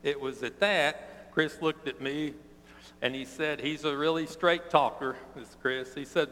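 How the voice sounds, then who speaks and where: A man preaching a sermon, telling a personal story in an earnest, plainspoken way and slowing down for emphasis. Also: fairly high pitch, steady tone, a bit bright. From East Tennessee. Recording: long reverb of a large hall.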